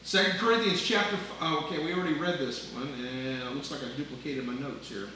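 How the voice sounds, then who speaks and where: Older pastor preaching in an echoey hall. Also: male voice, on the high side, brisk, noisy background. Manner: earnest preaching, swinging between loud emphasis and soft asides. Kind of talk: sermon. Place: church sanctuary. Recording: echoey room, voice from a distance.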